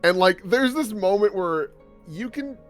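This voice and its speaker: A man's voice: sits high, animated, a little slow, soft background music. A man narrating a tabletop game as game master, in a casual, rambling way, full of fillers and laughter.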